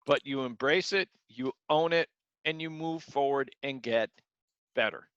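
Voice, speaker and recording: Acting out examples and repeating himself, a man earnestly delivers a motivational talk to his martial arts class. His mid-range voice is clean and a bit bright, paced measuredly with no echo, but the recording itself is dull and lo-fi.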